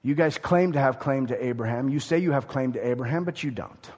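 A man preaching a Bible sermon, animated and conversational, often acting out the people he quotes. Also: medium pitch, a little fast, slightly rough, in a large hall. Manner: animated, acts out quoted speakers.

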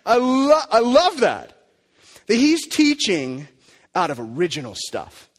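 A man preaching a sermon as pastor, emphatic and animated, sometimes dropping to a quiet, low delivery. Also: takes it slowly. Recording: long hall reverb.

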